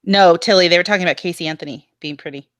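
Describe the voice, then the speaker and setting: A woman hosting a casual panel chat over a video call, enthusiastic and quick to agree. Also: fairly low pitch, no echo, studio quality. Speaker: panel host.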